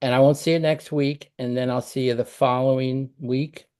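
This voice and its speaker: Man, middle-aged, parenting coach, video call, conversational, acts out sample phrases, mid pitch. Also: fairly even intonation, normal speed, a little mellow, smooth.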